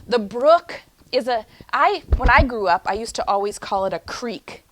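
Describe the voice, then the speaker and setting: A young adult woman teaching a phonics lesson to young children in an animated, sing-song teacher voice. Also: on the high side. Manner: animated, sing-song teacher voice, slows for chanted poem lines.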